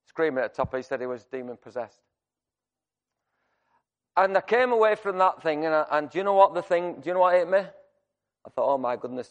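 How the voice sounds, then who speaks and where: A man preaching a sermon, telling a personal story in a conversational, animated way with many restarts. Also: on the high side, a little fast, long pauses, dull audio. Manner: shouts to act out screaming.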